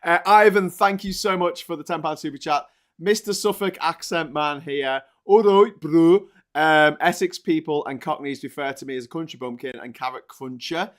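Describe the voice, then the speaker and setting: A man's voice: a little high, normal speed, hardly any pauses, fairly bright tone. Jokey man hosting a chat. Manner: jokey storyteller, laughs a lot. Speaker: host. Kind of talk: casual chat.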